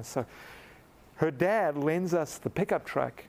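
Middle-aged male preacher, storytelling sermon, animated and laughing, pitch sits a bit higher than most men. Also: moderate pace.

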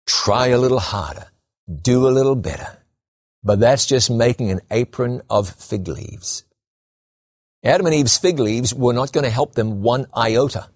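A man preaching a sermon, emphatic, slowing down and repeating key phrases for stress. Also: medium pitch, no room sound, clean studio sound.

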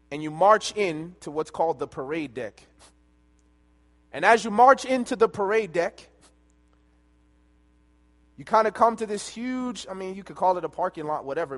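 A man preaching a sermon, telling a personal story and swinging between loud and hushed delivery. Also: on the high side. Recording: long hall reverb.

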